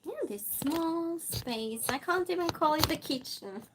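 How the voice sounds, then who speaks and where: A woman's voice: high-pitched, expressive, measured pace, noisy background. A woman chatting casually with her live-stream viewers and answering their messages as she moves things around her small space. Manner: chatty, reads and answers chat while moving things around.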